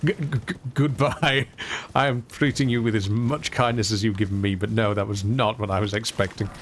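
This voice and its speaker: A man's voice: fairly low pitch, fairly quick, a little hiss or hum. A man streaming a video game, telling rambling, self-mocking stories and reacting aloud to play. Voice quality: lively, rambling storyteller with self-mocking humour. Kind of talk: casual gameplay commentary and storytelling.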